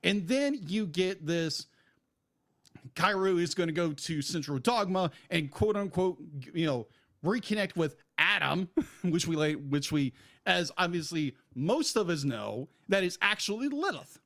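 In an unhurried but animated way, a man with a high, slightly bright voice rants about an anime character. He's a podcast co-host giving a casual review, and he sounds emphatic and fed up.

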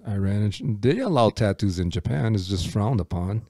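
A man co-hosting a casual podcast, guessing answers out loud in a blunt way and swearing freely. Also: on the low side, lively intonation, brisk, dry recording, studio quality. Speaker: podcast co-host.

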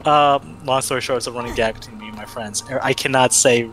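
Man co-commentator, rambling, bright crisp tone, faint music behind. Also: medium pitch, steady tone, fast talker, rough recording. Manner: rambling, self-correcting. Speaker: stream co-commentator. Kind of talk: casual let's-play chat.

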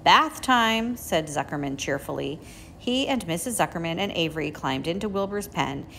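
A woman teacher reading a children's chapter book aloud in a gentle, measured way. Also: low-pitched, animated, vocal fry, slight background noise. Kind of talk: storybook read-aloud.

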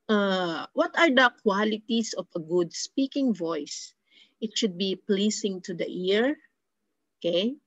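A woman's voice: mid-range voice, no room sound. A woman teacher with a Filipino accent gives an online lecture, defining terms one by one and often saying "okay" and "uh". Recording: dull lo-fi recording.

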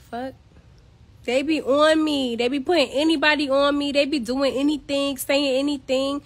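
A woman's voice: high-pitched, fairly even intonation, moderate pace. A woman from Queens, ranting bluntly and with exasperation on a casual phone livestream from home. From Queens, New York. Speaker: social media personality.

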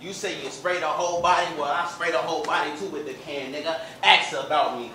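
Aggressive bright-voiced battle rapper. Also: male voice, on the high side, brisk, hardly any pauses. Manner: aggressive, boastful delivery. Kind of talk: battle rap performance. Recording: roomy echo, distant mic, faint noise.

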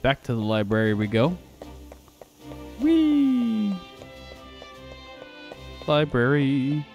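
A man's voice: mid-range voice, lively intonation, normal speed, highs cut off, faint music behind. A man hosting a let's play, commenting casually and playfully, sometimes reading game dialogue aloud. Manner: playful, reads dialogue aloud half in character.

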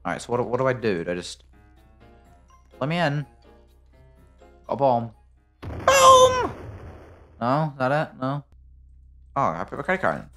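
A British man plays through a game on video and chats as he goes, bantering and joking. His voice swings hugely from low mutters up to loud, high yelps. Soft game music plays faintly underneath. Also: normal speed, long pauses. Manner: excitable, jokey banter with sudden loud yelps. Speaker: gaming video creator. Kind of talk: playing a game and commenting.

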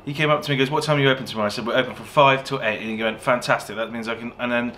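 A man with an English West Country accent tells a story in a loose, chatty way, swearing freely and getting animated as he acts out the other people. His voice sits at a middle pitch. A faint hiss runs underneath. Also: very fast. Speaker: vlogger and takeaway owner. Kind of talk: casual storytelling.

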